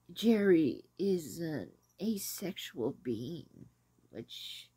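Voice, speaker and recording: Slow husky woman rambling on a film. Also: fairly low pitch, darkish tone, no echo. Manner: rambling, hesitant, with many pauses and ums. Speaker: host reviewing an 80s film. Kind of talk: casual chat.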